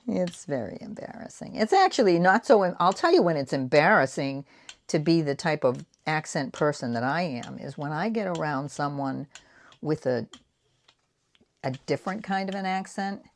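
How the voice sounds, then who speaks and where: Woman, 60s, Boston accent, low voice, gravelly, rambling craft chat. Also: lively intonation, moderate pace. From Boston area. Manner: rambling, self-deprecating, talks while painting. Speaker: art vlogger. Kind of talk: casual craft chat while working.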